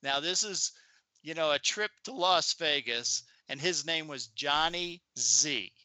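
A man in his seventies, a podcast guest and author, telling animated stories in a chatty interview. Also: a little high, slow pace, dry recording. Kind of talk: anecdotal storytelling in an interview.

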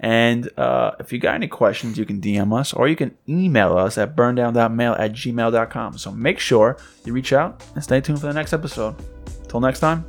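A man's voice: medium pitch, normal speed, creaky, faint music behind. A man co-hosting a casual cigar podcast, laid-back and often laughing as he tells stories. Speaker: podcast co-host. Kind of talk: casual chat.

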